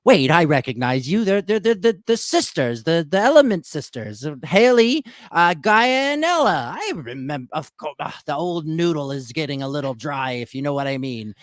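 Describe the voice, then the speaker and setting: A man's voice: a little high, big pitch swings, normal speed, hardly any pauses, dry recording, clean studio sound, voice pushed up. A man voicing a forgetful, chatty old grandmother who stammers and trails off. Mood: dreamy, flustered.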